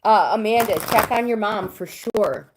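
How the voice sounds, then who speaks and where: A woman's voice: medium pitch, normal speed, background noise. Chatty middle-aged woman hosting a livestream. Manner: chatty, reads viewer comments aloud. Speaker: livestream host reading cards for viewers. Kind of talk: casual live chat.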